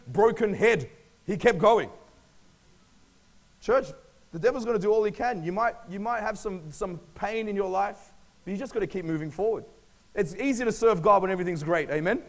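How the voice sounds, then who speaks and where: A young Australian man preaching a sermon in an energetic, storytelling, conversational way. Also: high voice.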